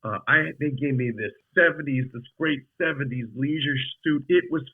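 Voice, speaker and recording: A male actor guest telling stories in a casual interview, rambling and animated, with frequent restarts. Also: on the high side, normal speed, breathy edge, phone-quality sound.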